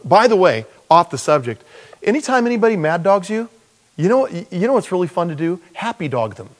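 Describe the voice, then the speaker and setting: Man preaching in a folksy, storytelling way. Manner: conversational storytelling, drops soft and low for quoted prayers, laughs often. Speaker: pastor. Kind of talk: sermon with personal story.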